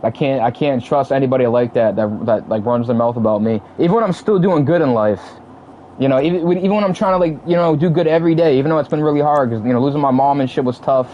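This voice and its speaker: A man's voice: medium pitch, fast, warm tone, lo-fi sound, slight background noise. A young man in his twenties venting casually to his stream chat, heated and profane, repeating himself as he talks. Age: 20s. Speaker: livestream gamer.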